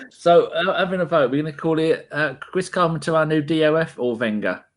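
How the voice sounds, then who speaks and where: A man's voice: fairly high pitch, fairly bright tone. A man, co-hosting a casual podcast chat, joking and laughing often. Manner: jokey, laughs often, banters. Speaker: podcast co-host.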